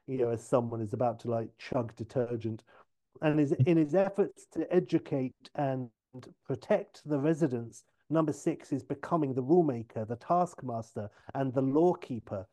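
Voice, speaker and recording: A man casually retelling a TV episode idea in a loose, rambling storytelling pitch. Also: normal speed, mellow. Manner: loose, filler-heavy retelling. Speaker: podcast host pitching a TV episode.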